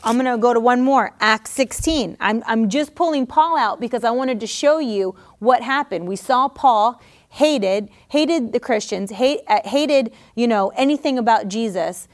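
A woman Bible teacher preaching on her podcast with fiery, exhorting energy. Her voice sits a little high, and she laughs easily between calls to action. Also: measured pace. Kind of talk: podcast sermon.

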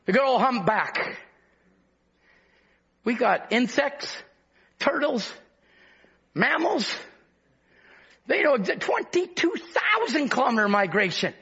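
A man preaching a sermon with fervor, breaking into shouts and then dropping low to talk with the congregation. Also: very animated, takes it slowly, gravelly, pauses often, husky, lo-fi sound.

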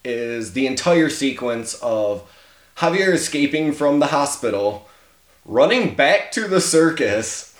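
A man's voice: mid-range voice, lively intonation, unhurried. Enthusiastic man talking movies in an echoey room. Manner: enthusiastic, swears and laughs often. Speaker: podcast co-host. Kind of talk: casual movie discussion.

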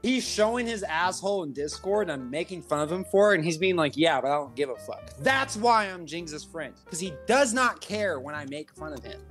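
A man's voice: on the high side, expressive, brisk, hardly any pauses, a bit bright, soft background music. A man co-hosting a stream in casual chat, rambling and emphatic, often repeating himself. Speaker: stream co-host.

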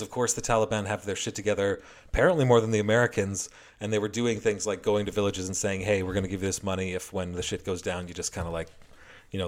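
A man giving a heated, heavily profane and sarcastic political commentary rant. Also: fairly low pitch.

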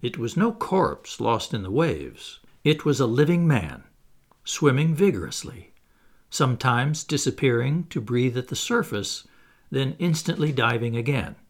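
Guy reading an old adventure novel aloud, gravelly voice, lots of melody. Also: mid-range voice, big pitch swings, a little slow. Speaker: audiobook narrator. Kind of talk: scripted first-person narration of a classic novel.

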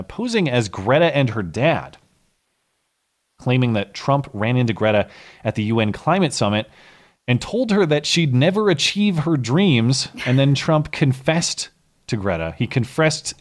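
Male podcast host, mid pitch, sarcastic comic commentary, laughing asides. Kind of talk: comedic news commentary.

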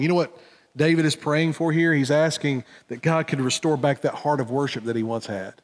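A pastor giving an earnest sermon, swinging between loud emphatic lines and hushed, low ones. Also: male voice, a little fast. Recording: church hall reverb.

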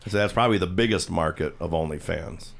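Low-voiced male radio host, chatty and explanatory in casual studio banter. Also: fast, gravelly. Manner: chatty, explains things at length.

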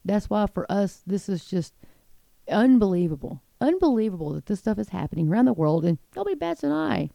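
A woman's voice: mid-range voice, sing-song, brisk, gravelly, dark tone, no echo. A middle-aged woman giving impassioned Christian commentary on the news, reading quotes aloud and breaking in with indignant asides.

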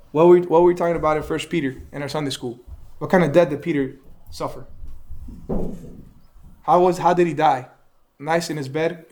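Teaching a Bible class, a man with a high but darkish-toned voice talks animatedly and keeps throwing questions at his listeners. As he explains each verse, he asks them to respond.

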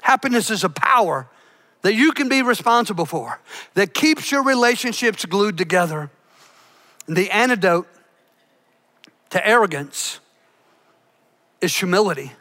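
Bright-voiced older man preaching a sermon. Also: sits high. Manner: emphatic preacher with big swings between loud and hushed. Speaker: pastor. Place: church.

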